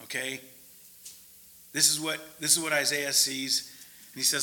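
A man preaching a conversational sermon, often checking in with his listeners and moving between loud emphasis and quiet asides. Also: a little high, little pitch movement, unhurried, pauses often, poor audio.

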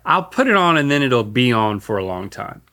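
A playful man in casual conversation, his voice bright and ringing. His pitch leaps around a lot as he jokes and riffs. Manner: playful, excitable, quick to joke. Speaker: podcast co-host. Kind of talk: casual chat.

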